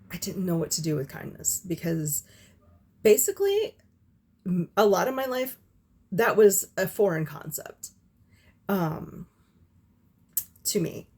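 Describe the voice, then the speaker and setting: Candid woman with a husky, low voice. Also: a little mellow. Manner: candid, halting, with many fillers and swearing. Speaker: vlogger. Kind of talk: personal storytelling to camera. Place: home with doors and windows open, windy.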